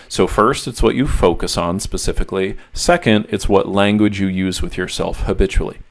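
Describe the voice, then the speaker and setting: A man working as a mental health coach, giving an instructional monologue and walking through steps one by one. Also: fairly low pitch.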